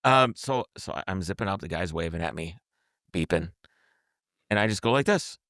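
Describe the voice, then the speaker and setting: Male podcast host, deep gravelly voice, lively raconteur, dry studio sound. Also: normal speed, no echo. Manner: animated, acts out quotes, repeats and restarts words. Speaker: podcast host telling a road trip story. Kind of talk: casual storytelling chat.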